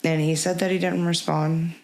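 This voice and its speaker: A woman guest in an interview, telling a personal story in a halting, reflective way, with many pauses and restarts. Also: fairly low pitch, flat delivery, a little mellow. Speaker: podcast guest.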